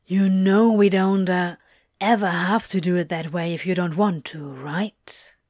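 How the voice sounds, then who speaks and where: A woman voicing a wry but tender male demon in an audiobook reading, speaking low and hushed. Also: fairly even intonation, a little slow, no echo, clean studio sound, natural voice. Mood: tender, flustered.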